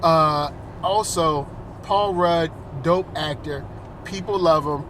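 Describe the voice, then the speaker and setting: Animated, enthusiastic man in a car. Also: a little high, takes it slowly. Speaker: podcast host. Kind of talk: casual argumentative chat. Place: inside a car. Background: faint car and road noise.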